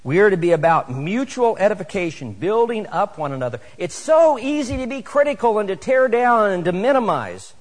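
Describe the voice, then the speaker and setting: High-voiced preacher in an echoey hall. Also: male voice, brisk, few pauses. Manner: animated, rising to emphatic exhortation. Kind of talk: sermon. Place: church sanctuary.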